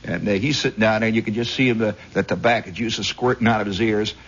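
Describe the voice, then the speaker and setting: This storytelling monologue comes from a radio host out of Indiana, captured on a dull recording from the 1960s. Fast-talking with a lowish voice, he rambles along in an animated, husky way.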